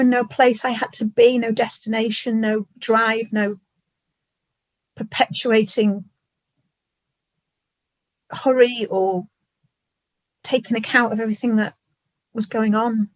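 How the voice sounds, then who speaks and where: A woman, a podcast guest, talking reflectively about her past with halting, emotional pauses. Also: a little high, dry recording. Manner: reflective, halting, tearful at times. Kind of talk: emotional personal conversation.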